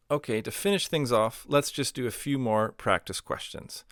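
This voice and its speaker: A man calmly teaching a recorded grammar lesson, explaining step by step with example phrases and a few ums and uhs. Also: mid-range voice, normal speed, hardly any pauses, dry recording, studio quality. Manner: patient explaining with spoken examples, fillers like um and uh. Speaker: language teacher.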